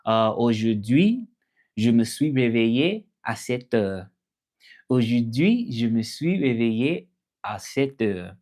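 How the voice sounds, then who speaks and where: A man from Memphis, hosting a casual live chat and repeating his phrases slowly as he thinks them over. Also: medium pitch, a little mellow. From Memphis, Tennessee, USA. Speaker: livestream host.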